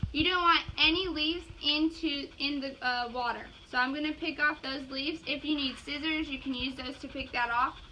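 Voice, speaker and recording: A woman's voice: high voice, normal speed, few pauses, bright, forceful tone. A bubbly young woman with a Southern accent, teaching floral design in a casual video lesson. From Georgia. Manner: bubbly, enthusiastic, exclaims often. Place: outdoors in yards, then indoors at a table. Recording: dull lo-fi sound with outdoor noise.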